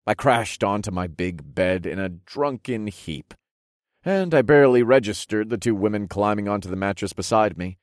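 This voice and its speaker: Male audiobook narrator, low and expressive, relaxed wry first-person delivery. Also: moderate pace, no echo, studio quality.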